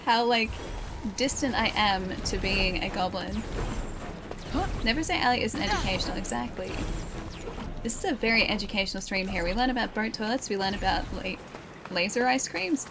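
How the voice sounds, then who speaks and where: A woman's voice: mid-range voice, moderate pace. A woman streaming a video game, joking with her chat in casual commentary. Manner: playful, jokey banter with chat. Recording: game music underneath.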